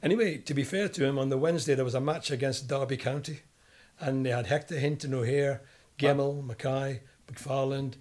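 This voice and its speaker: A man's voice: mid-range voice, fairly quick, hardly any pauses. An older Scottish man, a former footballer, recounting anecdotes in an interview and acting out the voices of people he quotes. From Scotland. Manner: animated storyteller, acts out quoted voices. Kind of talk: storytelling interview.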